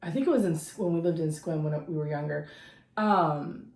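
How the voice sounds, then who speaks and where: A woman co-hosting a casual podcast chat, an animated storyteller who acts out her own screams. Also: low-pitched, fairly quick, echoey room. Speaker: podcast co-host.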